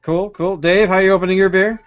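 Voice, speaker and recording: A man's voice: high voice, fairly even intonation, fast. A man hosting a podcast, chatting casually over beer with a playful, joking manner, on muffled lo-fi audio. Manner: playful and joking, hosts the show. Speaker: podcast co-host.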